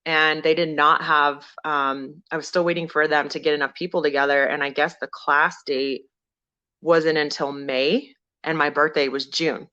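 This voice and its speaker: Woman podcast guest, crisp bright voice, chatty storytelling, kinda lo-fi sound. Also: moderate pace. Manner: animated, acts out quoted people with sudden jumps in pitch. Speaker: podcast guest, veteran and former firefighter. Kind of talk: casual storytelling.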